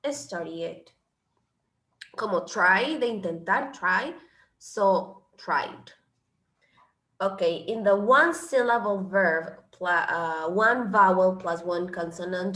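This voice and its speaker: A woman's voice: mid-range voice, fairly bright tone. Woman teaching English grammar. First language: Spanish. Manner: switches between English and Spanish, explaining patiently. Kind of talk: classroom grammar lesson. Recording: echoey room.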